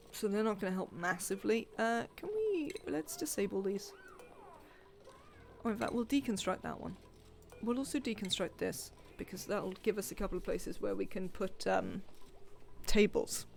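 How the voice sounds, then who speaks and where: A woman's voice: mid-range voice, gravelly, a little mellow, a little hiss or hum. A woman, chatting and rambling to herself as she plays a game on a live stream. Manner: chatty, rambling self-talk while playing.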